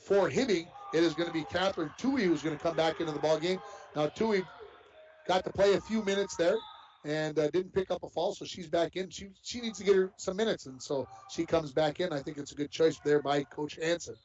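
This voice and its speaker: A man's voice: on the high side, a little fast, a little mellow, a little hiss or hum. A man giving live play-by-play commentary on a basketball game, folksy and chatty between plays, on dull lo-fi broadcast audio. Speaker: play-by-play announcer.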